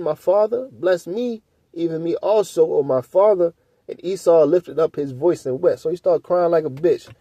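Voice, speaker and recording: A Bible teacher leads a casual scripture study, reading verses aloud and slipping into loose, blunt commentary that often ends with a questioning "right?". His voice is a little high with a dark tone, and the recording is dry.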